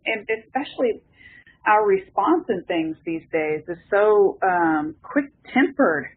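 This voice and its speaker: A woman's voice: mid-range voice, animated, takes it slowly, husky. A woman host with a mid-range voice talks in a casual, thoughtful way and often starts her sentences over. Her voice sounds narrow and tinny, as if it comes over a phone. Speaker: show host. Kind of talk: casual chat. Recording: phone-line audio.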